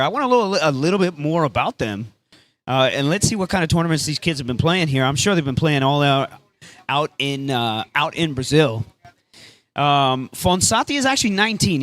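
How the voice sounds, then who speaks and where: A man calling a beach tennis match live, casual and excitable, dropping Spanish phrases into his play-by-play. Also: on the high side. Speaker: sports commentator.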